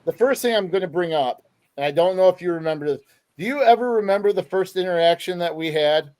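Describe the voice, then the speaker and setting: A man hosts a casual sports podcast, his voice sitting a little high for a man. He chats and tells stories loosely, with plenty of "uh" between thoughts. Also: quick pace, darkish tone. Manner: chatty storyteller with many fillers.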